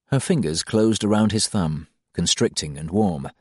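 A man narrating an audiobook in a calm, unhurried reading. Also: low voice, slightly rough, no room sound, studio quality.

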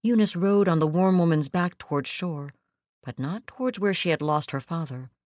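A woman reading a story aloud in a measured, steady narrating voice, close to the mic. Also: lowish voice, no echo. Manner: measured, steady storytelling with quoted lines acted. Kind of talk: scripted audiobook narration.

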